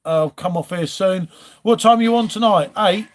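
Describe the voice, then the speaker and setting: High-voiced chatty English streamer. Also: male voice, moderate pace. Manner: chatty, rambling, reads out chat comments. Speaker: live stream host. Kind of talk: casual chat. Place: home.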